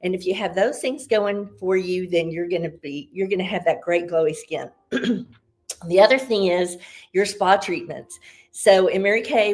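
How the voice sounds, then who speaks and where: A woman of medium pitch works as a consultant giving a casual, upbeat beauty tutorial. She is chatty, explains step by step, and sounds a little out of breath.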